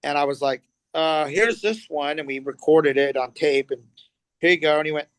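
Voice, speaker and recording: His voice is smooth and fairly high-pitched, at a moderate pace, with no room sound. He's a middle-aged musician from Los Angeles guesting in a casual interview, telling stories with animation, acting out quotes and swearing freely.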